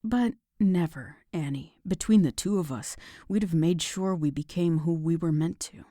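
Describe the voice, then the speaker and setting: A woman voicing a tender, devoted young man in an audiobook romance, speaking low, soft and earnest. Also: moderate pace, dry recording, studio quality, lightly acted. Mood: firm.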